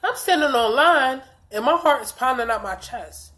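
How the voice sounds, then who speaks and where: A young woman telling a blunt, profane storytime vlog with lots of animated retelling of dialogue, a little stuffy from allergies. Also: high-pitched, normal speed. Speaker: vlogger.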